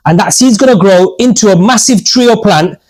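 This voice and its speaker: A man's voice: high voice, a little fast, a little mellow, poor audio. A man hosting a podcast, telling stories in a casual, chatty way and addressing viewers as guys. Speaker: podcast host. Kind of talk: casual chat.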